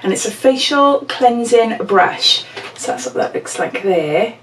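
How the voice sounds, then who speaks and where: Forties woman vlogger, bright-pitched, effusive unboxing chat, distant mic. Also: expressive, a little slow, a little hiss or hum. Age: 40s. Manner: gushing, exclamatory, laughs often. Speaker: beauty vlogger. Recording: echoey room, mic set back.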